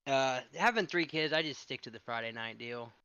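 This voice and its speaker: A man's voice: mid-range voice, moderate pace, sharp tone, smooth, no echo, lo-fi sound. A man in his thirties chatting casually on a racing podcast, easygoing and trailing off. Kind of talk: casual chat.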